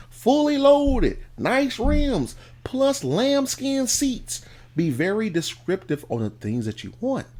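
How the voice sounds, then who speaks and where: A man's voice: fairly high pitch, darkish tone. A man giving a motivational talk to camera, emphatic and repetitive, with a preacher-like cadence. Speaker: motivational video host.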